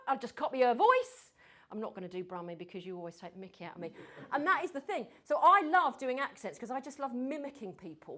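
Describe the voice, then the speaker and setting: A woman giving a lively talk on storytelling to a group, acting out her stories and sometimes dropping to a whisper for suspense. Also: on the high side. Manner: animated, mimics accents, drops to whispers for suspense. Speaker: speaker on storytelling.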